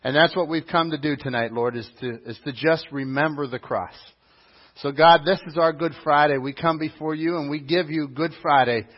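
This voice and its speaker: A man's voice: a little high, moderate pace. A man leading an opening prayer in an earnest way, with small hesitations. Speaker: prayer leader. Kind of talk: spoken prayer. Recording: dull muffled recording.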